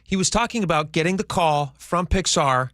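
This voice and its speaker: A man's voice: a little high, animated, moderate pace, a bit bright, no room sound. A man co-hosting a radio talk show in casual chat, asking curious questions from a studio. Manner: curious, asks many questions. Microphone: studio microphone.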